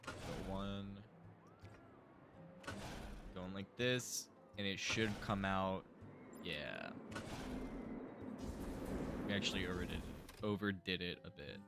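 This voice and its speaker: A man's voice: low-pitched, slow, pauses often, over loud music. A young man streaming a building game, casually thinking aloud and mumbling to himself as he works. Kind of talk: casual live gameplay commentary.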